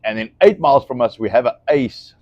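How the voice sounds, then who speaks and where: A man's voice: mid-range voice, expressive, brisk, darkish tone, dry recording, lo-fi sound. A man who is not a native English speaker, co-hosting a casual livestream, talking bluntly and swearing freely. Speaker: co-host.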